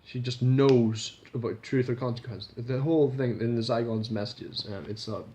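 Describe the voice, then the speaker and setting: A man's voice: mid-range voice, steady tone, normal speed, mellow, slight background noise. A man casually reviewing a TV episode in a rambling vlog, swearing freely and restarting his sentences. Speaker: video reviewer.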